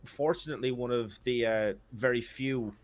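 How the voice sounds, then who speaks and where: A young man joins a casual online panel and talks hesitantly, his speech full of fillers. His voice sits at an ordinary middle pitch. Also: normal speed. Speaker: panel guest.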